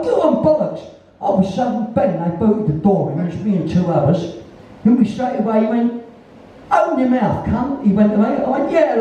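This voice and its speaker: A man of about sixty with a London Cockney accent tells a rambling, foul-mouthed story. His voice sits high yet is deeply dark and mellow in tone. He is picked up from a distance in a very echoey venue, with a dull, muffled sound. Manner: blunt, heavy swearing, rambling tale-telling. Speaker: guest musician in an onstage conversation. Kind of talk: anecdotal storytelling. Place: live music venue, in front of an audience.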